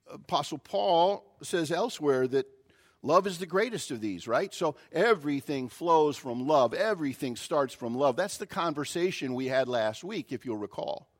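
A male pastor preaching a sermon, opening with a folksy, animated story. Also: fairly high pitch.

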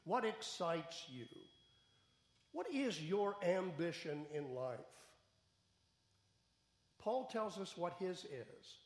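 A man's voice: high-pitched, roomy sound, in a large hall. A male pastor giving a sermon in a church, speaking earnestly and building to raised, emphatic questions. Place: church sanctuary.

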